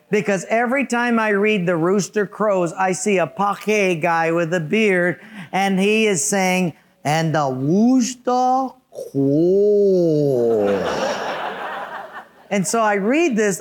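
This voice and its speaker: High-voiced pastor preaching. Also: male voice. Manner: playful, conversational, addresses congregation directly. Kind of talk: sermon.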